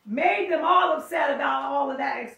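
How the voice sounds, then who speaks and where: Woman preacher, high voice, reads and explains scripture, mic well off, echoey room. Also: vocal fry, a bit bright, recorded from a distance, a faint crowd. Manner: reads scripture aloud and pauses to explain, often calling out. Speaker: teacher. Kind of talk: sermon.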